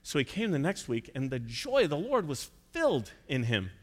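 A man's voice: on the high side, wildly swooping pitch, normal speed, big-room sound. A man preaching a sermon, telling stories and acting out the voices of the people in them. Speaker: pastor.

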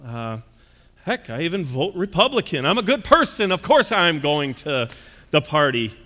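Man voicing a boastful churchgoer, insistent, bright forceful tone, echoey hall. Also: on the high side, sing-song, normal speed. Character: self-assured male churchgoer, sure of his own goodness.

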